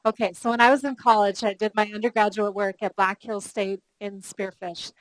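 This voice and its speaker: A middle-aged woman runs a live customer service training workshop, telling lively stories and asking the room questions. Her voice is medium in pitch at a normal speed, and the recording is dry and low in quality.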